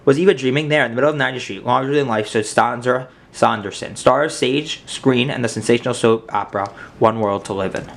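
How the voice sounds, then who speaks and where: A man reading a picture book aloud as narrator, with animated, expressive storytelling. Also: medium pitch, fast, creaky, hardly any pauses.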